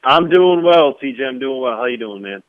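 A man calling in as a guest on a sports radio show, talking casually with halting restarts. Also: mid-range voice, animated, no room sound. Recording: tinny phone line.

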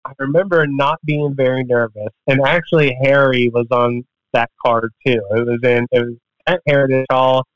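A man's voice: mid-range voice, fairly even intonation, moderate pace, dry recording. A man guesting on a podcast, telling a story casually in a rambling, profane way and acting out the quotes. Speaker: podcast guest, MMA fighter. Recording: dull, dry podcast audio.

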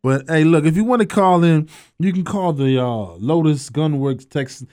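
A man's voice: fairly high pitch, moderate pace, dark tone. Joking man hosting sports radio. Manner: loose, joking, laughs often, trails off mid-sentence. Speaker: radio sports show host. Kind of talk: casual sports talk radio banter.

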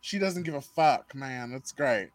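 A man hosting a podcast in casual chat, animated, swearing freely and laughing often. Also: mid-range voice, measured pace, no room sound. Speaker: podcast host. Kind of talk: casual chat recapping a reality show.

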